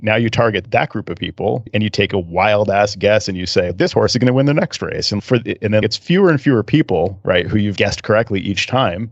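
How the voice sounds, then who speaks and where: A man's voice: fairly low pitch, dry recording. A man co-hosting a podcast, explaining ideas at length as he thinks aloud, often laughing. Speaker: podcast co-host. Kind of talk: casual podcast chat. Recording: dry, dull lo-fi sound.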